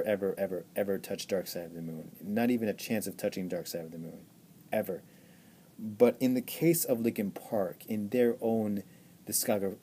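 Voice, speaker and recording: A man's voice: lowish voice, dark tone, a little hiss or hum. A man giving an enthusiastic album review, gushing and repeating himself with many stammered restarts. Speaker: music reviewer.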